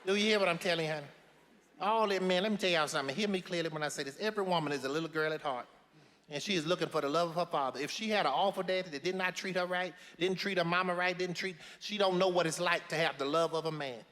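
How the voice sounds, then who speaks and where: Brassy elderly grandma played by a man, high and bright, sassy folksy drawl, echoey hall. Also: quick pace. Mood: sassy lecturing. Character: brassy elderly Southern grandmother, blunt and preachy. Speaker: advice-giving matriarch. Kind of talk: film comedy-drama acting.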